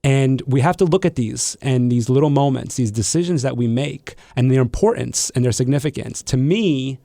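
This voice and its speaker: Male podcast host, middle-aged, gravelly low voice, dry sound, thoughtful and rambling. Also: moderate pace, mellow, no echo. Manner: reflective, frequent restarts and fillers. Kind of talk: casual interview conversation.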